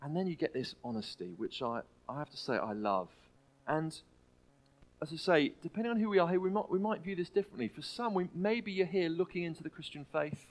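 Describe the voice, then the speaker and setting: A man preaching a sermon in a church, earnest and halting, often restarting his phrases. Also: a little high, lively intonation, poor audio. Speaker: pastor.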